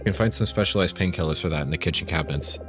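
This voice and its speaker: A man voicing a wary, secretive figure who gives a student a hushed warning, reading game dialogue aloud. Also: low voice, very fast, music in the background, natural voice.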